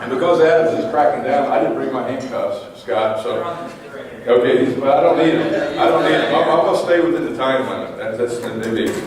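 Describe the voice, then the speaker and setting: A man's voice: mid-range voice, animated, a little fast, crowd noise. Middle-aged man roasting in an echoey hall. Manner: teasing, anecdotal, dry punchlines. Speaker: roast speaker at an awards dinner. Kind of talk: roast speech to a banquet audience. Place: large banquet hall. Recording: very echoey hall, distant mic, faint room noise.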